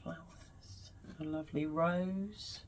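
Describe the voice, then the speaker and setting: Slow, low-voiced woman crafter. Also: steady tone, slight background noise, low-quality recording. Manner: gushing, musing aloud. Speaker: craft vlogger. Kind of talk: casual crafting commentary. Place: home crafting table.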